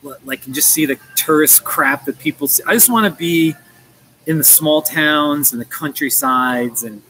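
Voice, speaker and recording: A man's voice: on the high side, normal speed, pushed and bright, a little hiss or hum, low-quality recording. An American man chatting casually on a livestream, rambling with lots of restarts and fillers. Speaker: livestream host. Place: coffee shop. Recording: faint café ambience.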